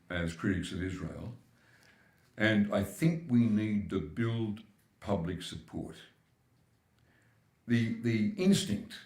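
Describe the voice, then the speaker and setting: A man's voice: fairly low pitch, darkish tone. Older Australian man speaking in echoey hall. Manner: emphatic, building points with repetition. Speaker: keynote speaker. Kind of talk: public speech at a forum. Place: large hall at a live forum.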